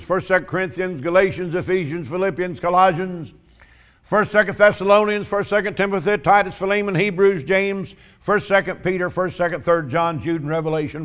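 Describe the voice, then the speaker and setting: A man delivers a sermon in a fairly high voice. He opens with folksy, joking stories, then turns to scripture and leans on slow, emphatic questions. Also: fairly bright tone, clear, resonant tone. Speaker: preacher.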